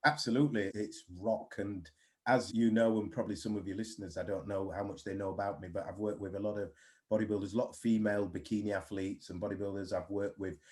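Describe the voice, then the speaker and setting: Man, blunt, animated storyteller, interview guest. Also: on the low side, fast. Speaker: guest mindset coach. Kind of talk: casual interview talk.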